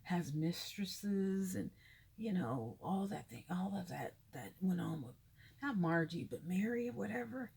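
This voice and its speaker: A woman in her fifties giving an indignant, animated commentary to her followers, sometimes dropping to a whisper for asides. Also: lowish voice, unhurried, creaky, breathy edge. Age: 50s. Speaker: vlogger. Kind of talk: casual commentary monologue.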